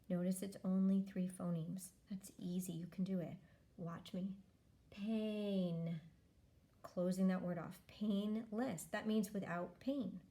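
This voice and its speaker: Woman teacher, warm low-key tone, patient step-by-step phonics modeling. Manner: slow, patient, modeling each step aloud. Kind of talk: phonics lesson.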